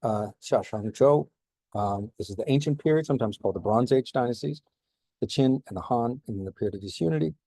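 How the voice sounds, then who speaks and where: A man giving a relaxed recorded slideshow lecture on history, informal, with many fillers and restarts. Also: mid-range voice, a little fast, no echo.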